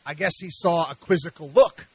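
A man's voice: fairly high pitch, normal speed, a bit bright, slightly rough, no echo, poor audio. A man hosting a radio show, delivering an emphatic, preachy monologue full of rhetorical questions.

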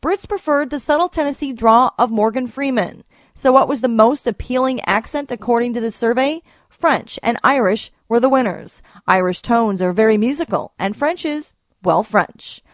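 Higher-voiced woman reporting news. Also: moderate pace, no echo.

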